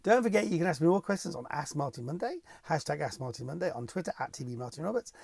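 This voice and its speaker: A man's voice: fairly high pitch, very animated, quick pace, gravelly, a little mellow, breathy edge, dry recording. A man hosting a casual question-and-answer chat to camera, rambling and laughing as he reads out and answers viewer questions.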